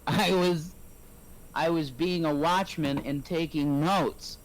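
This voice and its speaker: A man's voice: on the high side, steady tone, takes it slowly. A man ranting theatrically and preachily on a livestream about spiritual matters. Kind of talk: rambling livestream rant.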